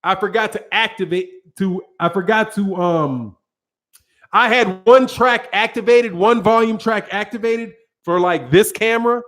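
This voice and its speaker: A man's voice: sits high, unhurried, a bit bright. A man hosting a boxing channel livestream. He reads out viewer chat and talks to viewers in a casual, slangy, profane way. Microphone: studio microphone with several cameras.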